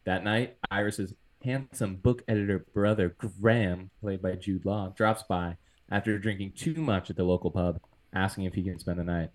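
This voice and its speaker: A man's voice: low voice, normal speed. A man hosting a casual podcast, recapping a film plot and laughing often. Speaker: podcast host. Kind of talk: casual movie recap chat.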